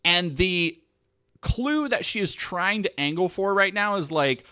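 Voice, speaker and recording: Animated sarcastic male streamer. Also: sits high, unhurried, smooth. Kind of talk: casual commentary on clips.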